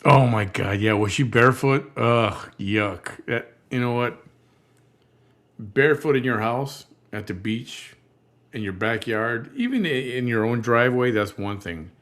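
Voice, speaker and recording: A man's voice: mid-range voice, unhurried, fairly bright tone. A man hosting a reaction show, commenting over a video with rambling, disgusted asides.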